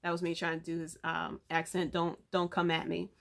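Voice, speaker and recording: A woman's voice: lowish voice, monotone, a little fast, gravelly, a bit bright. A woman hosting a podcast, casually recapping an event in a chatty, rambling way with frequent fillers and restarts. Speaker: podcast host.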